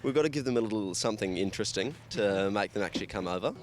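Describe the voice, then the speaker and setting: A man's voice: lowish voice, lively intonation, very fast, slight background noise. A man from Australia answering interview questions in an easygoing, upbeat way. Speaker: street interviewee.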